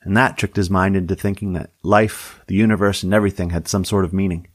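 A man's voice: sits low, fairly even intonation, fast talker, no echo. A man narrating a story in a dry, wry storytelling manner.

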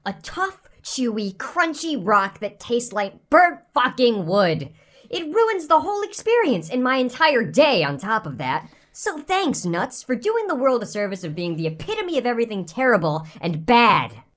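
A woman voicing a tiny, foul-mouthed male fae who is grumpy and indignant, with a squeaky, crude, ranting manner. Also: very animated, normal speed, a bit bright.

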